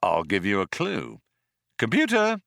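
A man voicing an excitable, childishly gleeful male galactic adventurer in an audiobook. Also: lowish voice, measured pace, vocal fry, no room sound, studio quality, heavily acted. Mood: eager.

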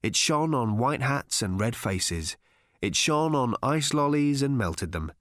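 A man reading an audiobook aloud as narrator, in a wry, measured storytelling manner, recorded in a studio. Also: medium pitch, animated, a bit bright, no room sound. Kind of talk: scripted narration.

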